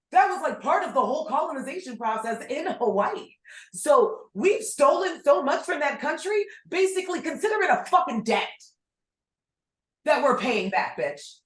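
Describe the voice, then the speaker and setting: A woman co-hosting a casual podcast, blunt and animated, swearing freely as she rants. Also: high voice, moderate pace, reverberant. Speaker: podcast co-host.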